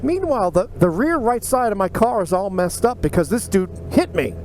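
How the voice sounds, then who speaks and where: A man casually telling a personal story to the camera, animated, acting out his own replies in a raised voice. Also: sits high, normal speed, a little hiss or hum.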